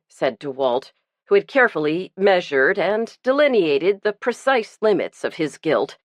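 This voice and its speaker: A woman narrating a cozy mystery audiobook in a measured, even storytelling manner. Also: fairly low pitch, dry recording.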